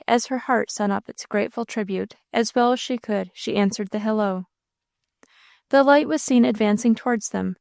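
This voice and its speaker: Female audiobook narrator, measured storytelling, dry close recording. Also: fairly high pitch, gravelly, darkish tone, no room sound.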